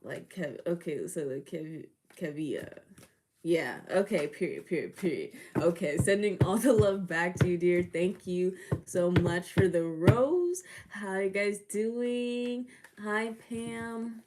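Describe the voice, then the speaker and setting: A woman's voice: lowish voice, slow pace, noisy background. A woman hosting a casual livestream of readings, chatty and laughing often, greeting viewers by name. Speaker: livestream tarot reader and host.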